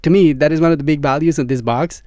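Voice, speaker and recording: This gear reviewer talks fast and eagerly to camera about his equipment, checking in with the viewer as a friend. His slightly high voice has a darkish tone, recorded close and dry on studio mics he swaps during the test in a dead home studio.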